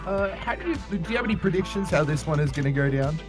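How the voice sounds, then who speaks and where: A man casting a video game match as play-by-play commentator, jokey and excitable. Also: a little high, fast talker. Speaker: esports caster. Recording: music playing behind.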